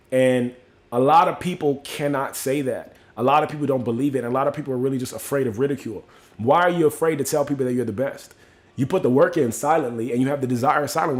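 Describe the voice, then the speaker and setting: A man's voice: mid-range voice, fast. Casual streamer man, chatty and motivational. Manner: talks straight to viewers, peppered with "you know what I'm saying"; reads out chat comments and names. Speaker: livestream host. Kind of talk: casual live-stream chat.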